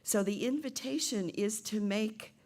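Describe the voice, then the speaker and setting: A middle-aged woman minister preaching a sermon, retelling a play and voicing its characters with lively shifts. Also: medium pitch, measured pace. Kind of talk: sermon with storytelling.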